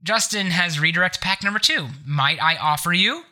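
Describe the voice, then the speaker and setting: A man's voice: high voice, moderate pace, bright, forceful tone. A man with a stuffed-up nose hosting a casual gaming podcast, joking and sarcastic as he rambles. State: congested nose. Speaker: podcast host.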